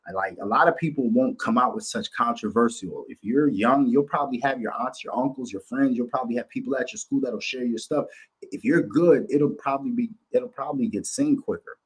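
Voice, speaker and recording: This Minnesota livestreamer has a mid-range, slightly rough voice and speaks fairly quickly. He delivers a blunt, swear-filled monologue that wanders and repeats itself.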